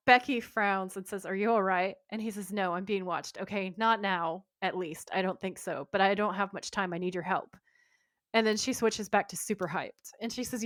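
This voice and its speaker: A woman's voice: mid-range voice, fairly bright tone, no echo. Woman recapping a show in a dry room. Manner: reads scene notes aloud, mimicking lines, laughing often. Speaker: podcast co-host. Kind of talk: casual recap of a TV episode.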